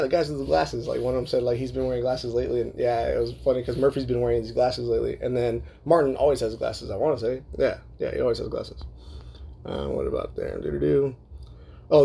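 A man with a husky, slightly breathy voice talks through listener emails in a loose podcast chat. He swears freely, fills every pause with fillers and keeps breaking into laughter. His pitch sits in an ordinary middle range. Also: dark tone. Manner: loose and profane, full of fillers, laughs often. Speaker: podcast host.

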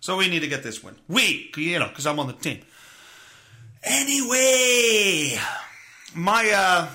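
Man in his thirties, solo podcast host, rambling sarcastic rant, fairly high and forceful voice. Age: 30s.

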